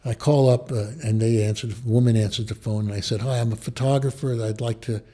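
An older man from the Bronx, a photographer, telling a personal anecdote with halting restarts and acted-out quoted voices. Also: mid-range voice, fairly even intonation, warm tone. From New York, Bronx.

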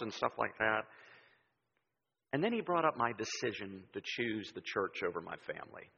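Animated male preacher in a reverberant hall. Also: on the low side, fairly quick, gravelly, breathy edge. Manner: animated storytelling, acts out quoted voices. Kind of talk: sermon. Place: church sanctuary. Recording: dull sound with long hall reverb.

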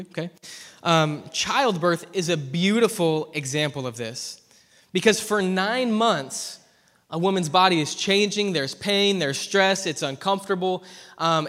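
A young man preaching a sermon at church, telling a personal story earnestly and dropping from loud to hushed. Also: high-pitched, moderate pace. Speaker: pastor. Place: church hall. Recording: long hall reverb.

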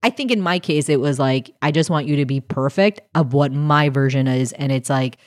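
A young woman with a low voice talks in an easy, candid podcast conversation. She fills her sentences with "like" and "you know" as she thinks aloud, never hurried and always conversational. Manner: chatty, filler-heavy, candid. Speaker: stand-up comedian, podcast guest. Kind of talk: casual podcast chat.

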